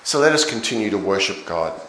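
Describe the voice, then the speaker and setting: A hoarse male minister welcomes a congregation and leads prayer, his voice on the low side and a little croaky. He speaks in a measured way with frequent fillers. The sound rings around an echoey church, with faint noise underneath. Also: animated, fairly bright tone. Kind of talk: church service leading and prayer.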